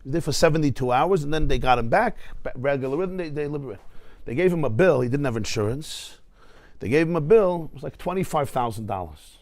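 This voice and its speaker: A rabbi delivers a spirited Torah class, his voice sitting a bit high for a man and captured dry and close. He jumps between Hebrew terms and folksy stories, pressing his points with humor. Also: expressive, fast, darkish tone, no echo. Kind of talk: lively Torah class lecture. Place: study hall class before a live audience.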